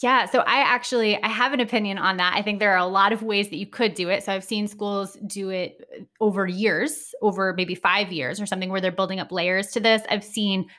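A woman talking as a guest in a relaxed conversation, articulate and engaged. She explains her points fluently, sometimes backtracking to rephrase as she thinks aloud. Her voice sits in an ordinary middle range for a woman. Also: medium pitch, fairly quick. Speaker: education consultant guest. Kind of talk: casual conversational interview.

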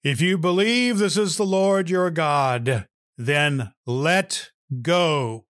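A man voicing a booming divine voice in a joke, speaking slowly and solemnly. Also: fairly bright tone, no room sound, clean studio sound. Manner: slow solemn pronouncements. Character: booming divine male voice from above.

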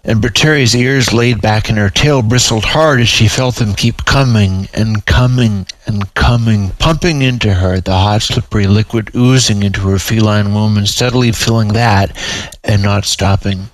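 A man reading aloud his own story in a measured, even storytelling manner. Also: on the low side, poor audio.

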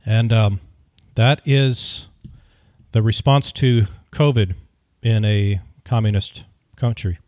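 A man hosts a podcast and tells a story in an opinionated, wry, animated way. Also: fairly low pitch, slow, no room sound, studio quality. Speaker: podcast host. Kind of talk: casual storytelling.

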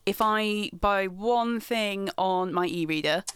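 A young woman talking casually on a podcast, her voice smooth and clear. It sounds close and dry, with no room around it. She rambles through restarts and fillers and laughs easily. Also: mid-range voice, takes it slowly, a bit bright, no echo. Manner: chatty, giggly, lots of restarts and fillers. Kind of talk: casual chat.

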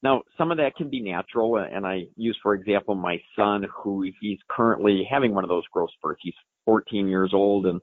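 A man in his forties, an equine science expert, answers a listener's question on a live show in a folksy, explanatory way, with plenty of fillers. His voice sits on the low side at a moderate pace. The recording is dry and phone-like, with no echo.

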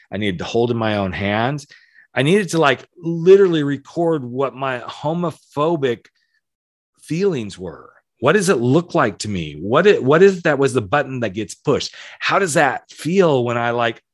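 Male host, forties, candid self-help monologue; mid pitch, dry close recording, emphatic and profane. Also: no room sound. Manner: frank, emphatic, swears casually.

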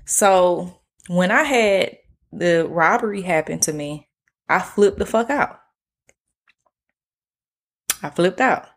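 Solo podcast host, woman, a bit low-pitched, monotone and easygoing, swears freely. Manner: self-described monotone delivery; relaxed, slangy, swears casually. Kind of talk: casual solo podcast chat.

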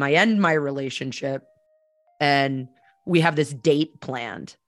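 A woman's voice: extremely low pitch, slow, no echo, faint music behind. A woman from Boston, a podcast host, telling a personal story in a candid, chatty way and acting out the dialogue.

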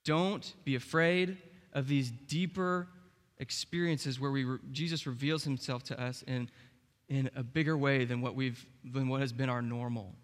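A man's voice: mid-range voice, a bit bright. Young guy pastor giving a laid-back sermon, chatty, lots of "okay?", reverb-y church hall sound. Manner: casual, conversational preaching with fillers. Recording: long reverb of a large hall.

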